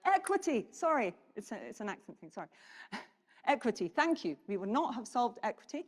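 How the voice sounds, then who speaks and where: A woman giving a conference presentation, animated and putting questions to the audience. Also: medium pitch, a little fast, husky. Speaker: keynote speaker. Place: conference hall. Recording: reverberant hall.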